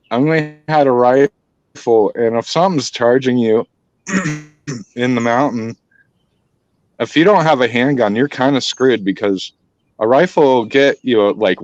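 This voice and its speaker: A man's voice: medium pitch, dry recording. A man casually telling a long hunting story, rambling and swearing, with many restarts. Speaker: storyteller host. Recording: dry, dull lo-fi sound.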